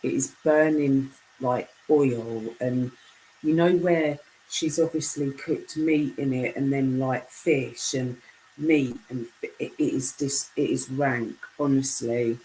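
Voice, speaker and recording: A young British woman chatting casually on a live stream, reading out viewer comments; her voice is deep enough to be mistaken for a man's. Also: steady tone, slow, mellow, a little hiss or hum, rough recording. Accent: British English. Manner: chatty, reads comments aloud.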